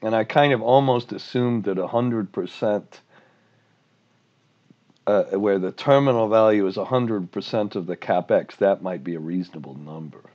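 Brief: casual male lecturer, somewhat low voice, muffled homemade audio. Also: moderate pace. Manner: rambling, self-deprecating. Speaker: finance instructor. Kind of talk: informal recorded lecture.

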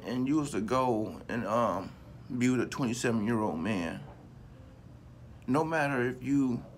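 A man's voice: medium pitch, a little hiss or hum. A man vlogging in a casual, profane rant, repeating himself for emphasis and talking straight to his viewers. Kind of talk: casual ranting commentary to camera.

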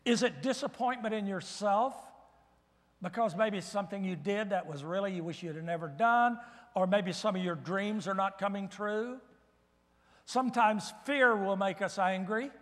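An older man giving a guest sermon in a church, telling folksy stories with gentle humor. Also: sits high, moderate pace, long reverb tail. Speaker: guest preacher. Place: church sanctuary.

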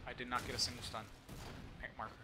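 A young man with a slight lisp giving casual, joking live commentary over his own shooter gameplay, swearing often and yelling at other players. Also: medium pitch, monotone, fast talker, background noise. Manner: joking, swears often, yells at opponents and teammates.

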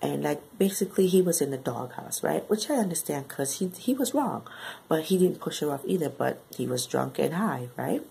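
A woman recapping a novel in a chatty, slangy way, often tagging "right?" onto her sentences and bursting into high exclamations. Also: expressive, normal speed, vocal fry, warm tone, slight background noise, low-quality recording. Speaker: book reviewer. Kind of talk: casual book recap.

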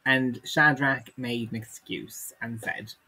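A man's voice: medium pitch, fairly even intonation, slow, pushed and bright, low-quality recording. A man co-hosting a podcast, reading a comic text aloud and dropping dry, wry asides. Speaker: podcast co-host.

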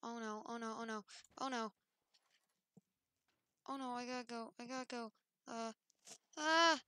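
A woman acting out a casual game role-play, halting and hesitant, with many fillers and restarts. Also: a little high, level tone, fairly bright tone, dry recording. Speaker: role-play channel host.

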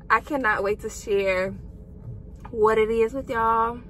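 Slow-talking bright-voiced young woman vlogger. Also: a little high, slight background noise, poor audio. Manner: emotional, addresses viewers as "y'all" and "girl"; faith-filled pep talk. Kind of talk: casual encouraging vlog talk.

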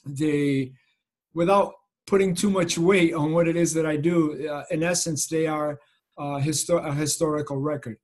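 A man's voice: fairly high pitch, steady tone, normal speed, darkish tone. A middle-aged man from Massachusetts giving an informal talk about his photojournalism over a video call, earnest and reflective with many ums. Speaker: photojournalist guest speaker. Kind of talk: informal lecture.

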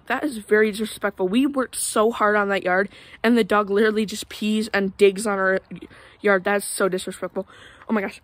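A young woman chatting into her phone camera while walking outside, a little out of breath. Her voice is mid-pitched and sits close and dry, with no room around it. She rambles with fillers and gets indignant at times. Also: steady tone, normal speed, no echo. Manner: chatty, lots of fillers, indignant about neighbors. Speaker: vlogger. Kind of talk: casual rambling vlog, walking. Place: outdoors in a neighborhood.

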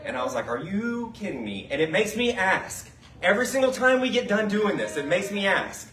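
A male pastor gives a chatty sermon, his pitch sitting a bit high and moving a lot. He keeps turning to the congregation with questions. The mic is some way off, so the sound is roomy. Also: very animated, fairly quick, a bit bright, distant mic, a little hiss or hum. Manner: conversational, asks the congregation questions. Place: church sanctuary.

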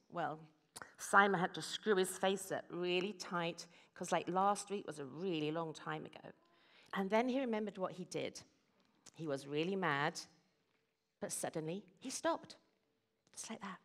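Une femme à l'britannique raconte une histoire aux enfants pendant un culte. Sa voix est assez grave, vivante et expressive, et elle interpelle son jeune public. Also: female voice, lowish voice, a little slow. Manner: animated, expressive, asks children questions. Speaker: children's storyteller. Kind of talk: telling a children's story at a church service.

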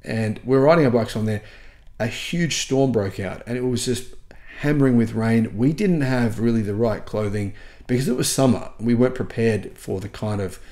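A man's voice: medium pitch, moderate pace, darkish tone. A man with an Australian accent, a channel host casually telling earnest, rambling travel stories to his viewers. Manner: earnest, rambling anecdotes with frequent restarts. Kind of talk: casual vlog storytelling.

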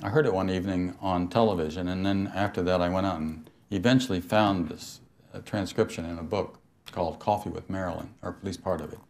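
Speaking on mysticism, this older man addresses an audience in a low-pitched, creaky voice. He tells stories, laughs a lot and keeps asking his listeners questions during the spiritual talk.

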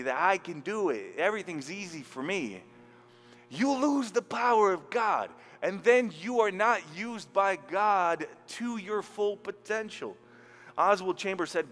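A man with a high voice preaches a sermon, loose and animated, dropping slang and acting out quotes. His voice rings with a long hall reverb, and faint music plays underneath. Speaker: pastor. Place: church hall.

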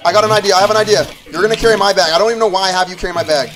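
A young man streaming a game, excitable and swearing, shouting orders to his teammate. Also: high voice, very fast, a crowd in the background. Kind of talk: live gameplay commentary. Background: background music.

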